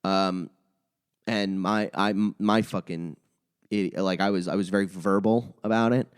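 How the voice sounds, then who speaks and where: A young man and comedian chatting casually as a podcast guest, telling an animated story and swearing a lot. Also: sits low, unhurried, smooth. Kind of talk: casual chat.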